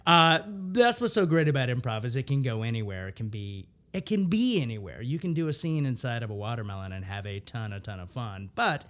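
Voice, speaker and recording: Animated man telling improv stories. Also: a little fast, hardly any pauses. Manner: animated storyteller, acts out quotes in a higher voice. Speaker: improviser guest. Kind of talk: casual interview chat.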